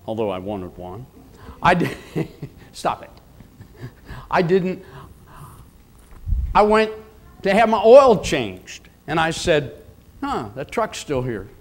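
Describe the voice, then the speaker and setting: Older male pastor in his 70s, high voice, emphatic repetitive preaching. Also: lively intonation, slow, pauses often. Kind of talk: sermon.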